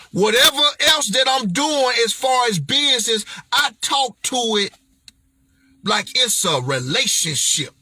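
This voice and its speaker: A man's voice: extremely high pitch, bright, forceful tone, breathy edge, dry recording. A man giving an emphatic, slangy motivational vlog talk as a speaker and author, playful and preachy.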